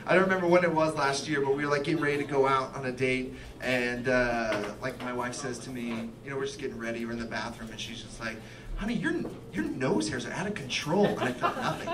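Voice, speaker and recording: A young adult man performing a stand-up comedy set, lively and quick to act out voices, with audience laughter between his lines. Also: mid-range voice. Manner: animated, acts out voices in quick bursts. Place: comedy club stage with live audience. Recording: distant mic, loud crowd laughter.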